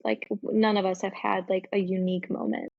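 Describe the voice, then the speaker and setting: A woman in her twenties co-hosts a podcast, laid-back and a little hedging as she weighs things up. Her voice carries a gravelly fry, and the dull, dry, lo-fi recording has no room sound. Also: medium pitch, flat delivery, brisk, dry recording. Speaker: podcast co-host. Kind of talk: casual rant chat.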